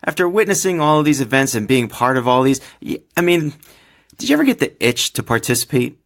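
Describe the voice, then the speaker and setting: A man's voice: mid-range voice, sing-song, a little fast, fairly bright tone. Male podcast host, casual and chatty, laughs a lot, midrange voice. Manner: chatty, laughs often, restarts sentences. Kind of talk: casual interview.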